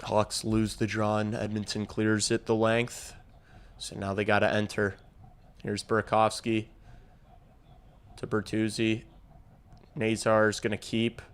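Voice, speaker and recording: Excitable young man calling hockey live. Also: on the low side, unhurried, long pauses, clear, resonant tone. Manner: excitable, swears freely, talks to chat. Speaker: livestream hockey watch-along host. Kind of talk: casual live play-by-play reaction.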